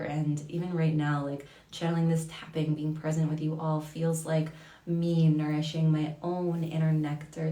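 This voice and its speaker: A woman leading a live tapping circle, talking softly and devotionally and greeting viewers by name. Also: low-pitched, roomy sound, distant mic. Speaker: EFT tapping facilitator. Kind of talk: guided tapping livestream.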